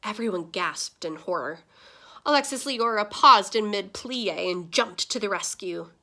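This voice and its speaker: A woman reading a children's storybook aloud, her voice lively and swooping with plenty of expression. Her tone is bright and clear, with a middle pitch. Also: unhurried. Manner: expressive, animated.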